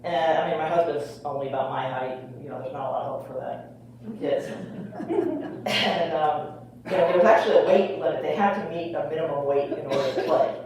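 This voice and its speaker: A woman's voice: low-pitched, a little fast, a little mellow. An older woman tells a comic family story in a loose, chatty way, full of little fillers. Her voice carries from far off across an echoey room over faint noise.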